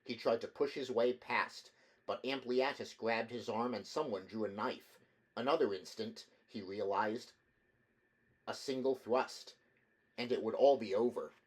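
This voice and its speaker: A man reading a novel aloud as an audiobook, measured narration with occasional slips and restarts. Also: mid-range voice, breathy edge, rough recording. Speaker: audiobook reader.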